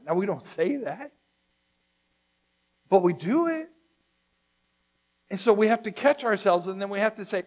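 Male pastor with a high voice, conversational sermon, builds to loud emphasis then drops hushed. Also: expressive, measured pace, pauses often.

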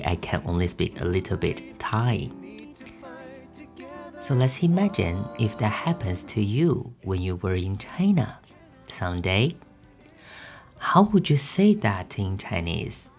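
Brief: low-voiced male podcast tutor, very slow and deliberate, faint music underneath. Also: gravelly. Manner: slow, careful, repeats each phrase twice for practice. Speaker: podcast host teaching language. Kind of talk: beginner language lesson podcast. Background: soft background music.

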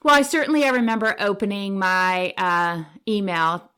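A woman's voice: mid-range voice, moderate pace, a little hiss or hum. A middle-aged woman, a veterinary practice manager, telling stories as an interview guest and acting out what people said. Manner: animated storyteller, acts out quotes. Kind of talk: casual interview storytelling.

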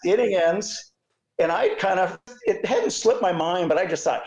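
An older Canadian man telling animated umpiring stories in an interview, laughing often and acting out voices. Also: high-pitched, moderate pace, echoey room, rough recording. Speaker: guest, retired umpire. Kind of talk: storytelling interview.

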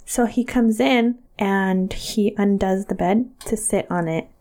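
A young woman co-hosting a casual chat, telling stories in an animated way, laughing often and acting out quotes. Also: medium pitch, measured pace. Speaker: podcast co-host.

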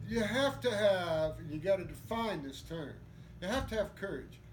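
An older man with a high-pitched voice tells rough, profane stories in an animated way. He sounds roomy and echoey, with faint ambient noise underneath him. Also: measured pace. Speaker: guest. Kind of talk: storytelling interview.

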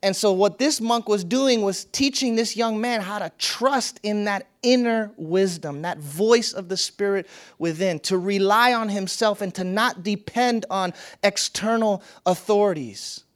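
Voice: mid-range voice, unhurried. Reflective spiritual teacher telling a parable. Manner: storytelling, reflective, repeats phrases for emphasis.

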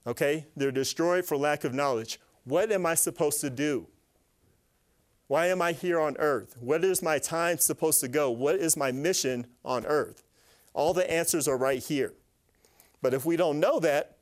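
A man giving an animated, faith-based teaching talk to a live group, asking them questions and acting out little voices. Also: on the high side, unhurried. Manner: animated, asks the audience questions, acts out voices. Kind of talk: lively sermon-style teaching to a live group.

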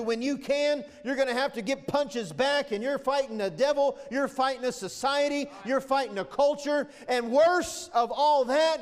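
A man's voice: very high voice, long reverb tail. A male pastor preaching an impassioned, emphatic sermon, growing emotional as he goes. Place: church sanctuary.

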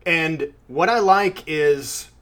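A man's voice: fairly high pitch, slow pace, a bit bright. A man in casual conversation about a film, chatty, laughing easily and questioning his co-host. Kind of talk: casual film review chat.

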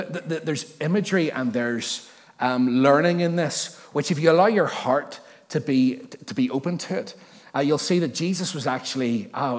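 A male pastor preaching at an ordinary middle pitch, his conversational delivery full of jokey asides and self-corrections. Every line trails off into the long reverb of a church hall. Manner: restarts and repeats words while thinking aloud. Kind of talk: sermon.

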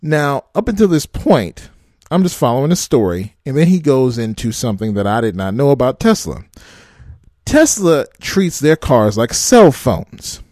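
Very animated and a little mellow, a medium-pitched male voice moves at a moderate pace in a dry, studio-quality recording. This trucking vlogger rants to camera in a casual way, swearing bluntly, teasing his viewers, and laughing a lot.

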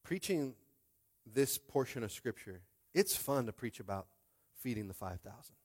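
A young man preaching a sermon as pastor, conversational and animated, calling out to the congregation. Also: mid-range voice, moderate pace.

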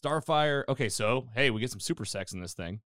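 In a clean studio recording with no echo, a male podcast host with a fairly low pitch talks fast as he recaps a TV episode. His casual retelling is lively, packed with fillers and acted-out quotes.

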